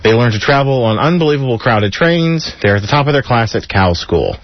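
A man's voice: medium pitch, brisk, noisy background. A man hosting a community radio show, reading a list of jokes aloud and chuckling between them. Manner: chuckling, animated joke delivery. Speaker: radio host. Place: radio studio. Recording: dull lo-fi radio broadcast.

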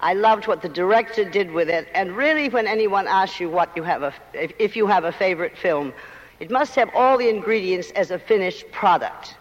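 A woman's voice: mid-range voice, animated, a little fast, long reverb tail, lo-fi sound. An older woman with a mid-Atlantic accent, a guest talking emphatically and theatrically in a live on-stage interview, often laughing.

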